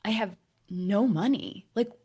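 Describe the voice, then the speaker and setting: A woman's voice: medium pitch, unhurried, husky. Rambling woman podcast host telling her story. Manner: rambling, many restarts and "like", drops to a hush at dark moments.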